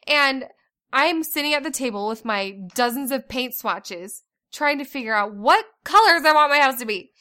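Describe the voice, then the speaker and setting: A woman in her thirties, co-hosting a casual chat and telling family stories in an animated way, acting out voices. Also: high-pitched, normal speed. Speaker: podcast co-host.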